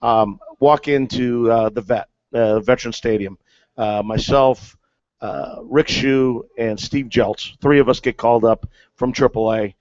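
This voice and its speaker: A man's voice: medium pitch, steady tone, measured pace, darkish tone, no echo. Ex catcher guy rambling thru a story, lotsa ums, dry lo-fi audio. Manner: rambling, many fillers and restarts. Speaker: guest, former big-league catcher. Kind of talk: casual storytelling chat. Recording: dull, dry, lo-fi sound.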